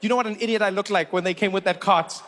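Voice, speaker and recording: A man from Africa, telling stand-up stories with animated disbelief. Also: high-pitched, quick pace, a little hiss or hum. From South Africa. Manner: animated, incredulous storytelling. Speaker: stand-up comedian. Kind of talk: stand-up comedy.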